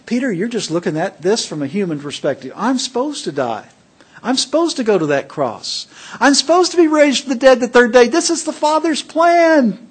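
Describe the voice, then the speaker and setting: A man preaching, voicing Jesus firmly explaining his plan to Peter, with a husky voice. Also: sits high, big pitch swings, normal speed, heavily acted. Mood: earnest. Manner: earnest, firm explaining. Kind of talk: sermon.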